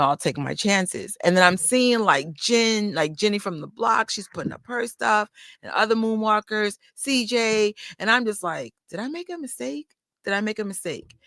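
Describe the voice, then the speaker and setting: A woman's voice: mid-range voice, a bit bright, no echo, clean studio sound. A woman vlogger from New York chatting casually to her viewers, telling rambling stories full of fillers and asides. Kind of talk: casual livestream chat. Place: indoors under a bright light.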